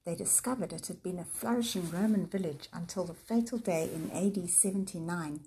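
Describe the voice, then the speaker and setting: A woman's voice: mid-range voice, vocal fry, dark tone. A woman narrating a children's story aloud. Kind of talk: storybook reading.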